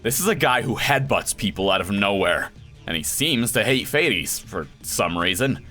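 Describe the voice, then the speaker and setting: Young guy voicing a visual novel playthrough, animated, jumps all over in pitch. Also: normal speed, soft background music. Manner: animated, reacting and acting out lines. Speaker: voice actor doing a game playthrough. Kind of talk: reading a visual novel aloud with commentary.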